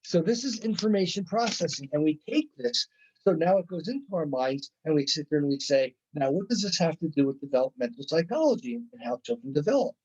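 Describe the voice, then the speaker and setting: A man's voice: fairly high pitch, expressive, a little fast, a little mellow, slightly rough, highs cut off. A male college instructor giving a conversational lecture, often checking in with "right?" and acting out playful examples. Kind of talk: recorded classroom lecture.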